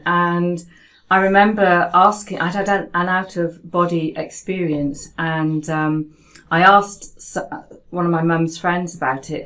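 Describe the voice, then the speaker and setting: A woman hosting a casual conversation, telling a personal story in an animated way with many restarts, at home. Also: lowish voice, low-quality recording. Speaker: host. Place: home in Spain.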